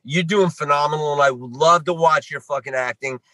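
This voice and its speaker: A man as a podcast guest, rambling and excitable, acting out quotes while joining by video call. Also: fairly high pitch, fairly quick, dry recording. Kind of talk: casual chat.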